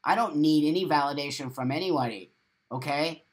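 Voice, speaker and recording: A man's voice: a little high, fairly quick. A man hosting a live morning stream, reading viewer comments aloud and reacting to them with emphatic, profane, repetitive talk. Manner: animated, with sudden loud exclamations. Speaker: host of a live morning show.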